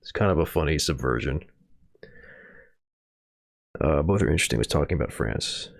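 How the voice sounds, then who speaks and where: A man's voice: a bass voice, lively intonation, normal speed, creaky, dry recording, studio quality. A man streaming from home, reading news headlines and adding rambling, sarcastic asides. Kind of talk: casual livestream commentary.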